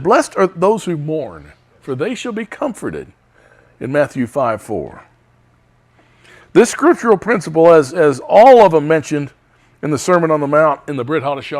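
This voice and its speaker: A man leads a Bible study, reading scripture aloud with emphasis. His voice sits a little high and moves through a wide, lively range.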